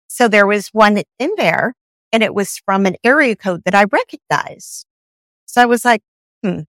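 A woman guest on a podcast, telling her own story in a lively way and acting out the dialogue she quotes. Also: medium pitch, normal speed, dry recording.

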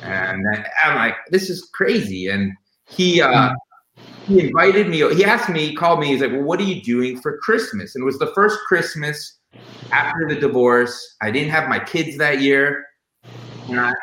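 A man's voice: mid-range voice, lively intonation, moderate pace, bright, forceful tone, echoey room, a little hiss or hum, low-quality recording. A man casually telling personal stories about a late friend, with many fillers and restarts. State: emotional, near tears. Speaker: guest sharing memories of a late friend. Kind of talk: casual storytelling on a podcast.

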